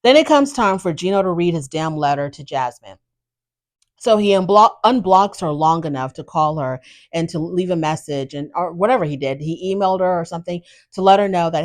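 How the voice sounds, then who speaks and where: A woman hosting a podcast, casually recapping a reality show with blunt, animated opinions and exasperated asides. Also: on the low side, moderate pace. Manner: animated, exasperated, talks straight to the subject.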